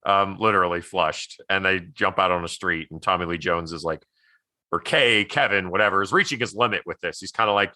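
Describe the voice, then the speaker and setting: Man, podcast co-host, low voice, forceful tone, rambling casual recap, dry sound. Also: brisk, no echo. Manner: laughs easily. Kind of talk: casual movie chat.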